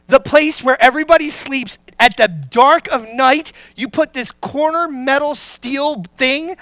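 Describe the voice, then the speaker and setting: Pastor preaching slow, asks the crowd stuff, cracks jokes then goes quiet and serious, bright voice. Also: dry recording. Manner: conversational, joking, then drops low and grave; asks the congregation questions. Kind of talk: sermon.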